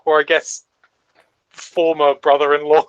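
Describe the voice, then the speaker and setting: A man's voice: a little high, completely flat delivery, unhurried, clear, resonant tone, no room sound. A playful male player chats casually during a tabletop game. The audio is slightly dull and lo-fi. It is also dry.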